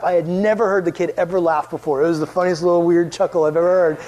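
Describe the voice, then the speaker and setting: A young adult man giving a youth sermon in a lively storytelling way, acting out voices and sometimes dropping almost to a whisper. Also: high-pitched, moderate pace, a little hiss or hum, poor audio. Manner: animated storyteller, acts out voices, drops to near whisper. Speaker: youth pastor.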